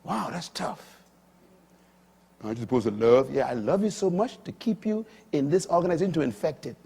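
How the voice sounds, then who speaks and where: A middle-aged man preaching a sermon, swinging between hushed asides and loud, emphatic climbs that break into shouts on key points. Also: on the high side, lively intonation, brisk, gravelly, husky.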